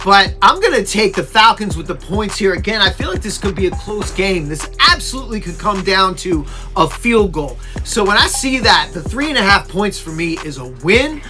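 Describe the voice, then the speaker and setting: A co-host giving betting picks in a measured, stats-driven way. The voice sits at middle pitch with a bright edge, and faint music plays underneath. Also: expressive. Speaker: co-host, sports analyst. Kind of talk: sports-betting analysis.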